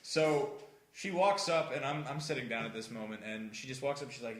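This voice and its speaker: Young man, bright tone, storytelling, laughs a lot, echoey room. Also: medium pitch, a little fast. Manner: laughs often while telling a story, lively. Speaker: podcast co-host. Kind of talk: casual storytelling among friends.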